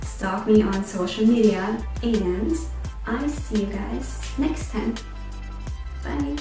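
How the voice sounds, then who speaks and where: A chatty woman tells a storytime vlog in a lively, disbelieving tone, at an average pitch for a woman. Her voice bounces around a very echoey room and sits back from the mic, with faint music in the background. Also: takes it slowly, recorded from a distance. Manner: animated, chatty and incredulous. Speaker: vlogger telling a childhood story. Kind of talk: casual storytime.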